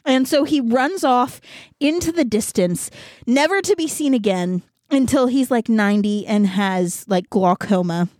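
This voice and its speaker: A woman's voice: a little high, expressive, a little slow, darkish tone, no room sound, clean studio sound. A young woman hosting a podcast, casually retelling a story with a rambling, giggly manner and many fillers. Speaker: podcast host. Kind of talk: casual chat.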